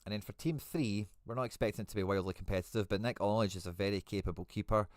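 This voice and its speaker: A man with a fairly low voice hosts a live stream in a relaxed, chatty, fast way, thinking aloud and answering viewers by name. The recording is dry and close, with no room sound.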